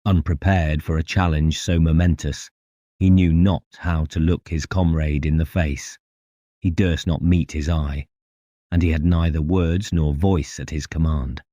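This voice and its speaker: A man narrating a classic horror story in a slow, grave, deliberate way. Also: rumbling low, fairly even intonation, mellow, no room sound, studio quality. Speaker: audiobook narrator.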